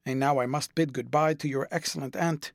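A man voicing a courteous elderly gentleman with dry wit and formal, measured period speech. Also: medium pitch, steady tone, creaky, no room sound, natural voice.

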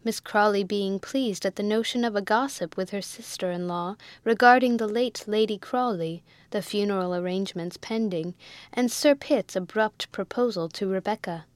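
A woman narrating a classic novel in a measured, even storytelling way. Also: mid-range voice, dry recording. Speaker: audiobook narrator.

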